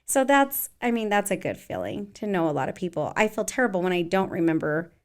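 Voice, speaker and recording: A woman in her forties talks about teaching dance in a loose, rambling way. She fills pauses with ums and you-knows. Her pitch sits in an ordinary middle range. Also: very animated. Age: 40s. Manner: chatty, rambling, many fillers. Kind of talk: casual interview chat.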